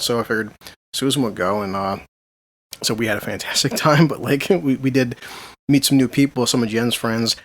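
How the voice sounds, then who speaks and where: A man's voice: mid-range voice, brisk. A man in his late thirties, a podcast host telling a rambling story in casual chat, laughing often. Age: 30s.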